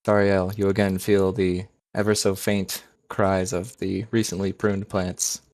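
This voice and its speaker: Deep-voiced male game master. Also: level tone, measured pace, a little mellow, dry recording. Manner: casual, self-correcting. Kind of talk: narrating a tabletop game.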